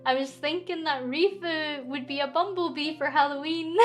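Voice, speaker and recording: A young woman with a Scottish accent and a high, light voice chats casually with her stream, giggling often as she reads out viewer questions. Soft music plays faintly underneath. She talks into a good studio microphone. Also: fairly even intonation, normal speed. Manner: chatty and giggly, reading chat aloud.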